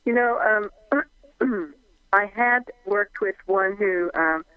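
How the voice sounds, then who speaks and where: A woman's voice: mid-range voice, slow pace, clean tone, no room sound, faint music behind. A woman calling in to a radio show, talking hesitantly with many fillers. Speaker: caller. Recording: dull phone line.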